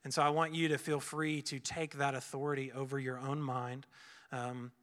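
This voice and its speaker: A man's voice: mid-range voice, level tone, moderate pace, a bit bright. A young man giving an earnest, casual sermon, full of fillers and restarts. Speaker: preacher. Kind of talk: conversational sermon.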